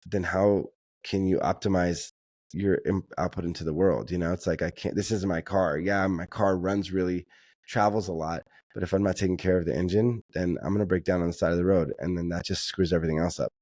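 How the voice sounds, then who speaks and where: A man's voice: deep voice, steady tone, a little fast, a little mellow, no echo, clean studio sound. A man speaking earnestly and reflectively as an interview guest, often repeating himself as he works through his thoughts.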